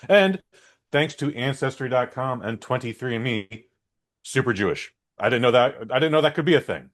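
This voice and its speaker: A man's voice: medium pitch, animated, brisk. A man co-hosting a podcast, joking in a wry, self-deprecating way during casual chat. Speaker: podcast co-host.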